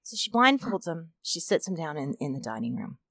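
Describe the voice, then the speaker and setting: Woman, somewhat low voice, dry close sound, lively podcast joke-teller. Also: a little fast, creaky, no room sound. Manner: animated narrator, acts out voices in her jokes. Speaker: podcast co-host. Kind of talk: casual joke storytelling.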